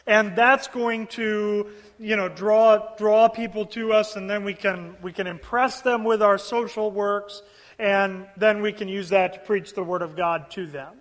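High-voiced male preacher in a reverberant hall. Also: steady tone, a little slow, fairly bright tone. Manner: earnest, repeats words while building points. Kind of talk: expository sermon.

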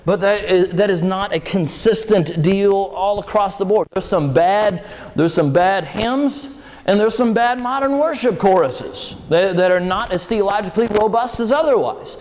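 A man preaching a sermon, reading scripture and talking in an animated, conversational way with sudden jumps in pitch. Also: normal speed, a little hiss or hum, poor audio. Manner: animated, with emphatic leaps in pitch; conversational asides and restarts.

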